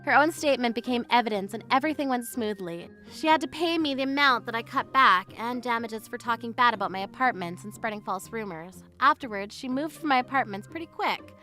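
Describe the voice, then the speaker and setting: A woman narrating a dubbed story in first person as its main character, expressive as she moves between narration and acted scenes. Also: fairly high pitch, fairly quick, hardly any pauses, soft background music.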